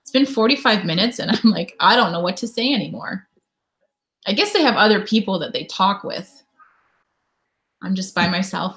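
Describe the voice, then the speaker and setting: A woman chatting on her own during a live stream, reading and answering viewer comments in a relaxed, offhand way. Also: mid-range voice, moderate pace, long pauses. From Canada. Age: adult parent. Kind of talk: casual live stream chat.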